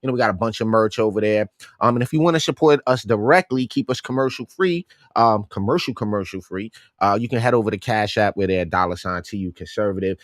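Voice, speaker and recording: A man co-hosting a casual political morning talk show, emphatic and animated, slipping into mocking voices. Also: on the low side, fast, no echo, studio quality. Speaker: co-host.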